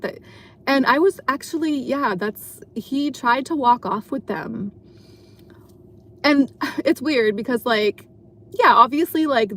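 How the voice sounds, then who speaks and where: Driving at night, a woman live streams from her car and tells a rambling story full of fillers and false starts. Her voice is a little high with a fairly bright tone.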